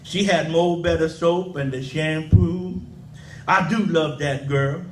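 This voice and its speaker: Slow folksy poet, echoey room. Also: male voice, on the high side, fairly even intonation, distant mic, a little hiss or hum. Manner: folksy dialect storytelling. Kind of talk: live poetry reading. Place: indoor event room. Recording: echoey room, faint ambience.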